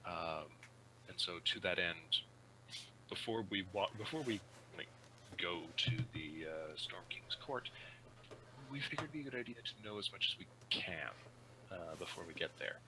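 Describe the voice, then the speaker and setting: A man taking part in a tabletop role-playing session, speaking haltingly with many fillers and restarts. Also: low voice, lively intonation, background noise. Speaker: player. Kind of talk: tabletop role-play chat.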